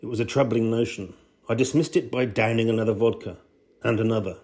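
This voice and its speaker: A man's voice: on the low side, fairly even intonation, a little fast, a little mellow. Man reading a dry travel essay. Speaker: essay reader.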